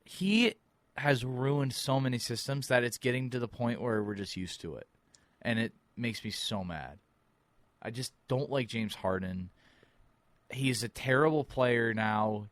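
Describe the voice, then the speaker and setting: A man co-hosting a sports podcast, ranting with exasperation. His pitch swings widely as he heats up, and he is recorded dry and close to the mic. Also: animated, measured pace, dry recording. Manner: ranting, exasperated, mimics players in quotes. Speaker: podcast co-host. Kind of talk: heated sports talk.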